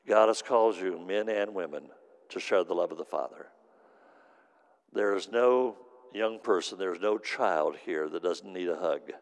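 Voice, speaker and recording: A man with a lowish, gravelly voice delivers an earnest sermon, repeating phrases for emphasis. His words ring out with a long reverb across a large meeting hall. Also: normal speed. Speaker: minister. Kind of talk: sermon storytelling.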